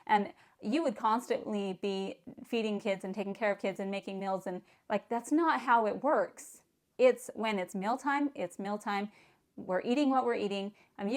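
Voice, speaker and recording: A middle-aged woman and grandmother calmly telling a parenting story to camera, frank and plain-spoken, often repeating words as she starts a sentence. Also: medium pitch. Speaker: parenting vlogger.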